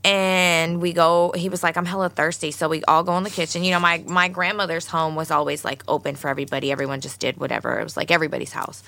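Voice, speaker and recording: A woman's voice: low voice, fast, gravelly, few pauses, no room sound. A woman co-hosting a podcast, telling a story with lots of swearing and acting out everyone's lines. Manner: profane, animated storyteller, acts out quotes. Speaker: podcast co-host. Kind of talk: casual storytelling chat.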